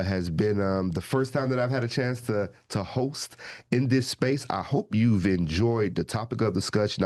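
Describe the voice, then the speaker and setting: A man's voice: lowish voice, darkish tone. A man hosting a community podcast, speaking earnestly with frequent ums and uhs. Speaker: host, state representative.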